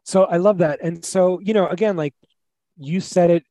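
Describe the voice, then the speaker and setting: A man hosting a podcast, relaxed and chatty, with lots of fillers. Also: high voice, normal speed, no echo. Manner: relaxed, many fillers like "like" and "you know". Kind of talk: casual podcast conversation.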